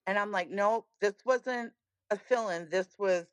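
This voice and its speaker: A woman guest on a chat podcast, telling animated stories with lots of emphasis. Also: mid-range voice, unhurried, no echo. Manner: lively storyteller, animated and emphatic. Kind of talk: casual chat.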